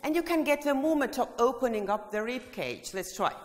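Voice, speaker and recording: A woman's voice: high-pitched, animated, fairly quick. Woman leading a singing workshop in a hall. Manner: leads the audience through vocal exercises, often singing phrases. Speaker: choir education presenter. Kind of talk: workshop demonstration with sung examples. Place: large hall. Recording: long hall reverb.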